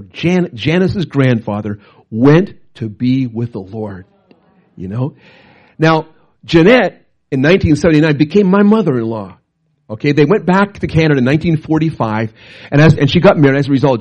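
A middle-aged male pastor preaches through a long story with a husky, slightly raised voice. He talks in animated bursts and often restarts his sentences. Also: on the high side, muffled recording. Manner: animated, bursts into loud acted quotes, frequent restarts. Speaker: pastor and missionary. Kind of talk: storytelling sermon.

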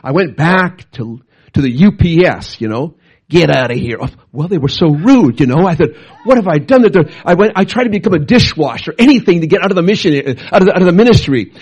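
Husky middle-aged pastor guy telling stories in a sermon, kinda high voice, gets loud and lively, trips over his words a lot. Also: a little fast. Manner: animated, bursts into loud acted quotes, frequent restarts. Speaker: pastor and missionary. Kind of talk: storytelling sermon.

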